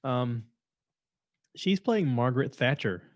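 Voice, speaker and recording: Male podcast host, casual rambling monologue, mid-pitched, dry close sound. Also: animated, slow pace, dry recording. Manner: rambling, repeats himself, chatty and opinionated. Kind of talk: casual monologue reviewing shows.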